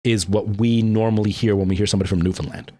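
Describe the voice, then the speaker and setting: A Canadian man streams a game and chats loosely with his viewers. His voice sits a little low, and his talk meanders with many "like"s and "um"s. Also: fairly even intonation, quick pace, mellow, no room sound. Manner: rambling, with frequent "like" and "um". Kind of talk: casual chat with live-stream viewers.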